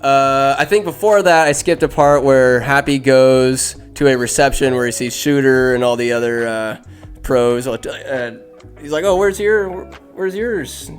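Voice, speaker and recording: A man's voice: mid-range voice, steady tone, unhurried, soft background music. A man hosting a podcast, casually retelling a movie in a rambling, offhand way full of asides. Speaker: podcast host.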